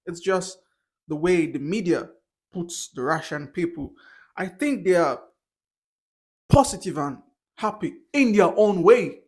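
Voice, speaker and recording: A man's voice: sits high, lively intonation, measured pace, long pauses, a little mellow, husky. Hesitant young man vlogging. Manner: hesitant, with frequent restarts and self-corrections. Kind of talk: casual talk to camera.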